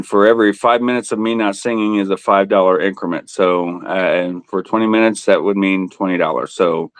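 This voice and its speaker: A man with a fairly low voice hosts a relaxed live auction, teasing himself and the bidders and laughing between items. His voice is recorded close and dry, with no room echo. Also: clear, resonant tone. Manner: joking, laughs often, self-teasing; talks buyers through bids by name. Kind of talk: casual livestream auction chat.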